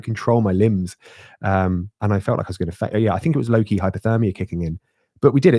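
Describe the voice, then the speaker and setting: Middle-aged man, podcast co-host, quick, slightly husky, low voice, dry sound. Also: no room sound. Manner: animated, laughing, swearing. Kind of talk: casual chat, storytelling.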